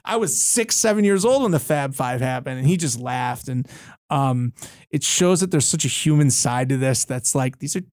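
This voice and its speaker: A man's voice: mid-range voice, expressive, moderate pace, a little mellow, no echo, clean studio sound. A man in his thirties, a lawyer and guest, telling a story in a casual interview with frequent restarts and fillers. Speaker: university board chair and lawyer, guest. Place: studio.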